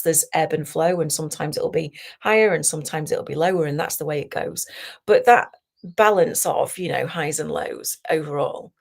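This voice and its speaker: Woman, tapping coach, low voice, gravelly edge, slow soothing guidance, soft whispers. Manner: slow, soothing, softly guiding with whispered phrases. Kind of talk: guided tapping session.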